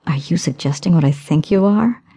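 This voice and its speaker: A woman's voice: low voice, animated, moderate pace, dark tone, slightly rough, full character voice. A woman voicing a proud young maid who speaks in a restrained, cool, firm way. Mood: cold restraint.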